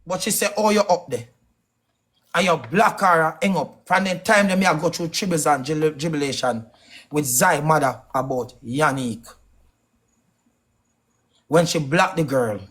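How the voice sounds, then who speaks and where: A man's voice: fairly high pitch, fairly bright tone. A man with a Jamaican accent delivering a heated, accusing rant on a live stream, firing off questions. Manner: angry, accusing, rapid-fire questions.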